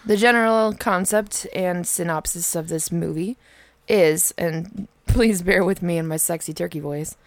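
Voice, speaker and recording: Woman co-host, gravelly low fry, joking crude banter, dry close sound. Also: a little slow, no room sound. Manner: crude, joking, laughs often. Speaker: podcast co-host. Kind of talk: casual chat.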